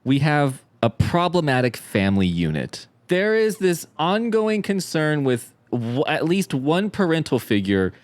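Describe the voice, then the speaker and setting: A man on a podcast recounts a book's plot with playful, animated storytelling. His pitch swings widely as he narrates. The sound is dry and close. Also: unhurried, hardly any pauses, no echo. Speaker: podcast co-host. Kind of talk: casual podcast chat and book summary.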